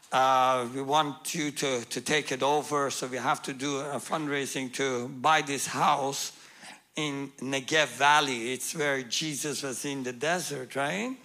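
A man's voice: mid-range voice, bright, forceful tone. A man telling his testimony. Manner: humorous, laughs while telling stories. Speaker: guest speaker. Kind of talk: storytelling testimony.

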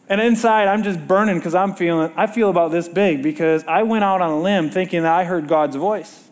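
A man's voice: high voice, a little fast, few pauses. A middle-aged man preaching a sermon to a congregation, telling stories with animation and asking them rhetorical questions.

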